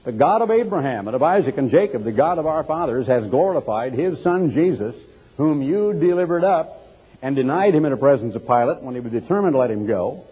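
A man's voice: mid-range voice, expressive, brisk, mellow, slightly rough, dull audio. A man preaching a sermon, retelling a scripture story dramatically and acting out the quoted voices. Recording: long hall reverb.

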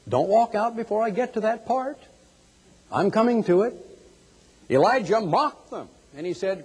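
A man preaching a sermon with a husky, breathy voice. He shifts from hushed asides to high, loud bursts and acts out other people's voices. His words ring with a long hall echo. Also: big pitch swings, moderate pace. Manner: dramatic, swings from low murmurs to high outbursts, mimics voices.

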